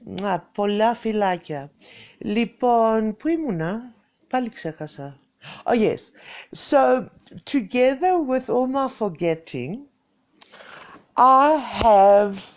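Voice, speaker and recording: A woman with a Greek accent chatting in a rambling, forgetful way on a live stream, slipping into Greek now and then. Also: medium pitch. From Greece. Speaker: vlogger. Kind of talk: casual live-stream chat. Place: home, indoors.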